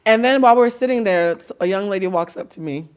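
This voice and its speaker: A woman hosting a podcast in casual chat, animated and laughing, acting out bits of dialogue with plenty of swearing. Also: mid-range voice, quick pace, clean tone. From Haitian-Cuban family. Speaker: podcast host.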